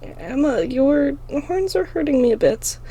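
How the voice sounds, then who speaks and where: A woman voicing a gentle older sister who speaks softly and reassuringly. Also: high-pitched, measured pace, a little hiss or hum, voice pushed up, poor audio. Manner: soft, reassuring.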